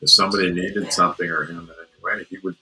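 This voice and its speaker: A man's voice: deep voice, little pitch movement, fast, sharp tone, low-quality recording. A man hosting a podcast interview in casual chat, talking hesitantly with many fillers and restarts. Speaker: podcast host.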